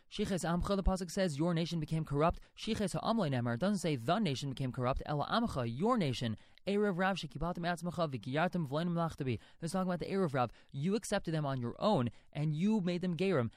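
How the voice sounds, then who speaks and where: A man's voice: a little high, darkish tone, no echo, clean studio sound. A man teaching a religious text line by line, reading each phrase and then translating and explaining it. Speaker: Torah teacher.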